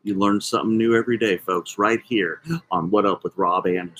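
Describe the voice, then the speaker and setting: A man's voice: deep voice, steady tone, a little fast, fairly bright tone, low-quality recording. A man co-hosting a podcast in casual chat, with playful, jokey banter. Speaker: podcast co-host.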